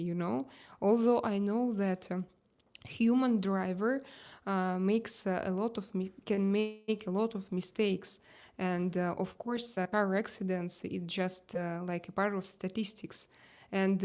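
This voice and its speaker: A woman's voice: mid-range voice, darkish tone. Russian-accented woman chatting with viewers. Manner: halting non-native English with frequent pauses. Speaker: livestream host. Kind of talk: casual live chat, reading viewer comments.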